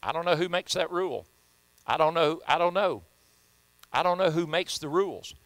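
A man's voice: a little high, moderate pace, a bit bright, no echo, low-quality recording. A man with a Southern US accent preaching a sermon as pastor, folksy and joking, often repeating himself.

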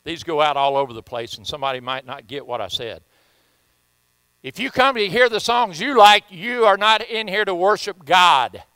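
A man's voice: sits high, lively intonation, moderate pace, sharp tone, smooth, no echo, low-quality recording. A man with a Southern US accent preaching a sermon as pastor, folksy and joking, often repeating himself.

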